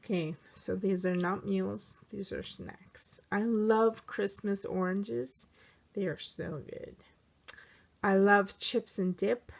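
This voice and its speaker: A woman who teaches young children chats casually to camera in a vlog, candidly answering tag questions with plenty of fillers. She speaks slowly in a medium pitch with a steady tone and vocal fry.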